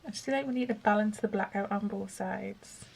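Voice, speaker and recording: A woman's voice: mid-range voice, brisk, creaky, a little mellow, slight background noise. A woman hosting a craft video, chatting and thinking aloud while she works. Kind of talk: casual craft narration.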